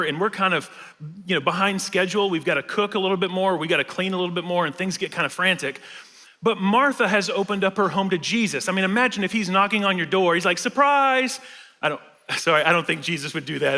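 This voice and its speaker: A man's voice: high voice, bright, forceful tone. A man preaching a casual, conversational sermon with fillers and light humor. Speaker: pastor. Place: large church hall. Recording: reverberant church sanctuary.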